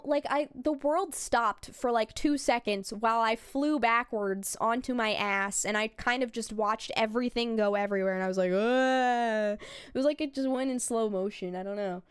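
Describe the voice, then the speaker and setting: Young woman, casual streamer chat; high, smooth voice, close and dry. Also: no echo. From United States. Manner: rambling, chatty, laughs and swears often. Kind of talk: casual chat, telling a travel story.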